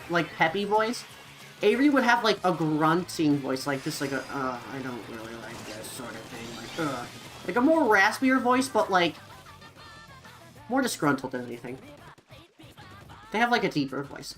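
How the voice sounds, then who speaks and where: Over poor-quality audio, a young woman at medium pitch chats with viewers while playing a game on stream. She rambles in a lively way, leaning heavily on fillers.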